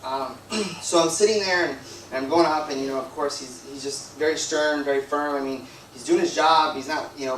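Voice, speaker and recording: A man's voice: a little high, fairly bright tone, slight background noise. Rambling man preaching in echoey hall. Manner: rambling, conversational, heavy on "like" and "you know". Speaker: guest preacher. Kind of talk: storytelling sermon. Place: church hall. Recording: echoey room, from a distance.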